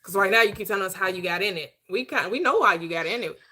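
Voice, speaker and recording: A woman with a bright, forceful voice delivers a motivational talk. She speaks in a style, stacking short repeated phrases like a preacher. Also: mid-range voice, lively intonation, quick pace. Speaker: host, manifestation coach. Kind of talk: motivational talk show chat.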